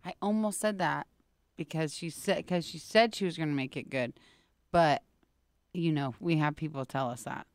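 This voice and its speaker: A woman's voice: low voice, normal speed, no room sound. A woman co-hosting a radio morning show in a studio, teasing her partner and laughing easily. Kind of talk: casual on-air banter.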